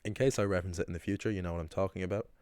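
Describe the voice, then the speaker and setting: A man with a very deep, low voice explains language points in a loose, chatty way, often pausing with ums and restarting sentences. The sound is close and dry, with no room around it. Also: fairly even intonation, a little mellow, clean tone, dry recording. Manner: chatty, rambling, frequent ums and self-corrections. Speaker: Irish language teacher. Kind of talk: casual explanatory lesson.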